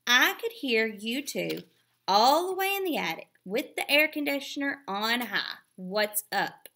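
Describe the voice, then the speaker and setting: A woman's voice: fairly high pitch, very animated, unhurried, bright, forceful tone, voice pushed up, full character voice. A woman reading aloud, voicing a tired, worried mother who speaks weary and firm.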